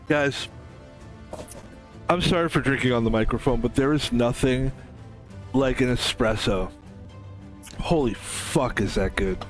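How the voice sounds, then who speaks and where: A man streaming a game who talks casually to his audience. He rambles, swears often and drifts into jokey asides. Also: medium pitch. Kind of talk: casual solo stream monologue.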